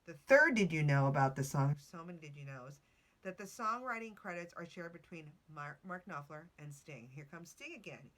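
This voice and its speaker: A woman's voice: low-pitched, animated, moderate pace. A woman hosting a podcast, chatting casually through her notes with asides and self-corrections. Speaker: podcast host.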